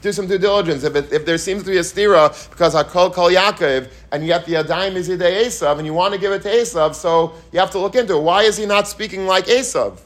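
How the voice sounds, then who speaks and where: His voice sits high and he speaks quickly with few pauses as he lectures on the weekly Torah portion. The man is earnest and repetitive, posing rhetorical questions and mixing Hebrew and Yiddish into his speech.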